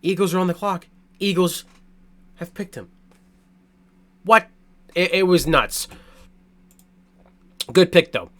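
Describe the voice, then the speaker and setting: Male fan-host, casual sports rant: excitable, profane, lively swinging pitch, rambling delivery. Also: slow, long pauses. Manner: excitable, swears a lot, blunt opinions; rambling, many restarts and fillers. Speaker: sports fan reacting to a draft.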